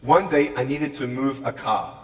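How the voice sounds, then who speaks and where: Australian man, animated speaker in an echoey hall. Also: medium pitch, moderate pace. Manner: animated, swings from quiet to shouting. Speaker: motivational speaker. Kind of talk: motivational speech to a school audience. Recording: echoey hall, far from the mic.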